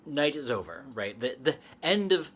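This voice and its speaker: A man's voice: mid-range voice, sing-song, normal speed, fairly bright tone, slightly rough. A man hosting a casual livestream chat, telling a story in a rambling way, laughing often and using plenty of fillers. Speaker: livestream host.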